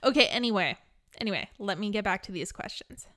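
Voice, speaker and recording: Blunt woman with a bright voice. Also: mid-range voice, expressive, brisk. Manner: blunt, candid, laughs often. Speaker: spiritual teacher. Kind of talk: live teaching with Q&A.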